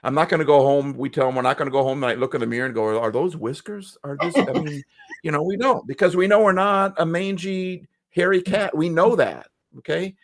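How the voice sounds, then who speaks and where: A man's voice: a little high, fairly quick. Motivational man telling stories. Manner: motivational storytelling, acts out quoted people. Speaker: co-host and school assembly speaker. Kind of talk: casual chat.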